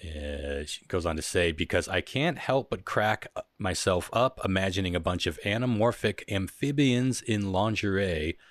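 A man with a very low voice, hosting a casual podcast chat, reading listener letters and laughing often. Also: animated, normal speed, hardly any pauses, no room sound. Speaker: podcast host.

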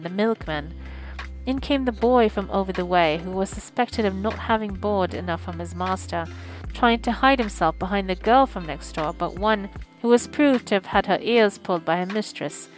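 A woman reading a classic novel aloud on a stream, with lively, expressive storytelling. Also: mid-range voice, normal speed, faint music behind, poor audio. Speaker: audiobook streamer.

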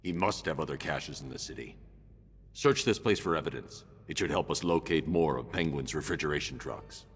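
A man's voice: a bass voice, animated, moderate pace, breathy edge, in a large hall, exaggerated voice. A male actor voicing a grim, stern masked vigilante in a video game, speaking in a curt, commanding way.

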